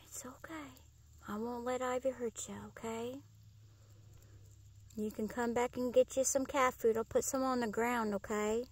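A woman coaxing and soothing an animal in a gentle, often whispered voice, filming outdoors at night on a phone. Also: fairly high pitch, flat delivery, normal speed, breathy edge. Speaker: pet owner filming wildlife. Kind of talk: soft coaxing talk to an animal.

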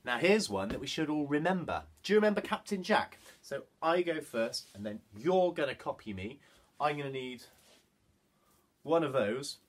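A man's voice: a little high, sing-song, moderate pace. A man presenting a children's music lesson, talking straight to the young class in a playful, encouraging way.

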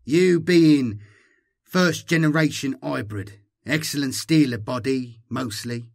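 A man's voice: medium pitch, takes it slowly, vocal fry, a little mellow, no echo, clean studio sound. A man voicing a mesmeric, commanding male cult leader who speaks in broken phrases.

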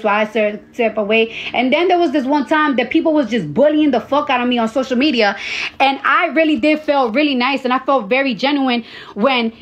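Blunt, high-voiced woman ranting on a livestream. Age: 30s. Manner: blunt, profane, repeats lines for emphasis. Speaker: social media personality. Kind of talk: casual livestream rant. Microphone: phone livestream. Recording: slightly dull lo-fi phone audio.

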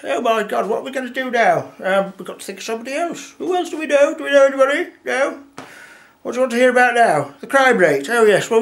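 A man's voice: very high voice, a bit bright, heavily acted. A man with an English accent playing a grumbling older male politician who rambles through a sarcastic comic rant in an empty room. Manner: moaning, rambling rant with mock-official asides. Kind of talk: comic character monologue.

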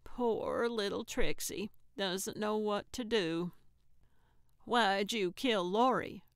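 A woman's voice: medium pitch, slow, clear, resonant tone, no room sound, studio quality. A woman voicing a blunt, stubborn old New England woman sleuth in an audiobook. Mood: blunt defiance. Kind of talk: audiobook character voice.

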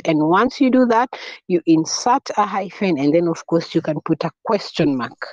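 A woman's voice: fairly low pitch, darkish tone, dry recording. A woman teaching a French class, repeating key words, spelling them out and quizzing her students. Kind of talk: classroom lesson. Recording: dull lo-fi recording.

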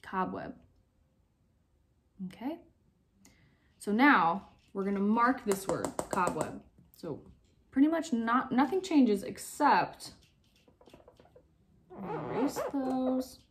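A young woman teacher giving slow, clear, step-by-step instructions in a phonics lesson for young children. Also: fairly high pitch, lively intonation, slight background noise.

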